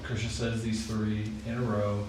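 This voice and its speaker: A man teaches a scripture study group in an unhurried, gentle voice. He is recorded from a distance in a roomy, echoing hall with steady background noise. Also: fairly low pitch. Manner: slow, soft-spoken, chuckles while retelling stories. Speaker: class leader. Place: temple hall. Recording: echoey room, mic far off, noisy.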